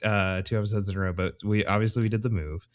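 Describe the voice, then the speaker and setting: A man with a very low voice chats casually as a podcast host. He rambles and jokes, often stopping to correct himself. He speaks into his own microphone from a room at home. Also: fairly even intonation, quick pace. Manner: rambling and jokey, corrects himself mid-sentence. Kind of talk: casual chat.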